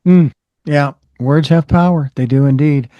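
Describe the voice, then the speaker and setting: A man's voice: a little high, measured pace, no room sound, highs cut off. A man hosting a podcast interview, giving short affirmations and thanking his guest at the close. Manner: brief affirmations and a friendly sign-off. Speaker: host.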